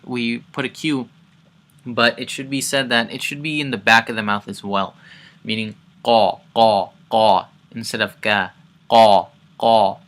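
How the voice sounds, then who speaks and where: In a casual lesson, a man with a mid-range voice teaches Quran recitation. He breaks down each sound step by step, repeats words several times and chants the verses more loudly.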